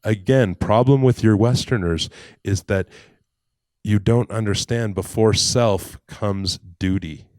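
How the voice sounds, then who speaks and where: Brief: man playing an old sage, calm, measured, a little low. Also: no echo, clean studio sound. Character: calm old male beggar sage, amused.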